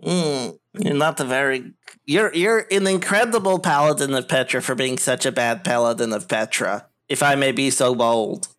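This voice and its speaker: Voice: mid-range voice, moderate pace, fairly bright tone, natural voice. A tabletop player voicing an earnest male paladin who lectures a careless comrade in an exasperated, mildly condescending way. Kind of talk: in-character tabletop role-play.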